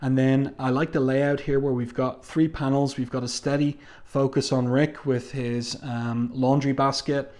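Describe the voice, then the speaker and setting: A man at a middle pitch talks through a comic book in a relaxed, unscripted way. He pauses often with ums and uhs as he walks through the story. The recording sounds like it was made at home. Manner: unhurried, frequent ums and uhs, reads comic dialogue aloud. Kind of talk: casual spoken review.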